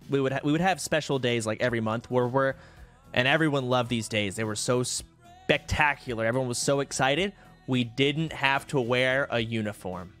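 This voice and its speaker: A young man with a medium-pitched, fairly bright voice streams from home into a desk mic. He tells old stories to his live stream audience in a casual, sarcastic and profane manner.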